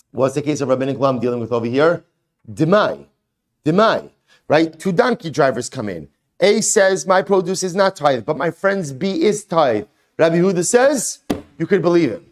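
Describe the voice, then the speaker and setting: A man teaching a Talmud class, animated, asking and answering his own questions and mixing Hebrew and Aramaic terms into his English. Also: on the high side.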